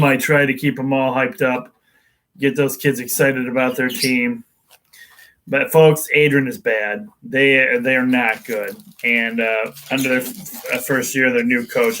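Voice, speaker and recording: A man's voice: mid-range voice, sharp tone, a little hiss or hum, low-quality recording. A man hosting a casual local sports show, rambling through predictions with many restarts and "uh"s. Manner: rambling, with frequent fillers and restarts.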